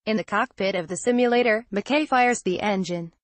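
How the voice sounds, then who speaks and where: A woman reading a news feature in a measured, scripted narration, reading quoted lines in the same even voice. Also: medium pitch, dry recording. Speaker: news reader.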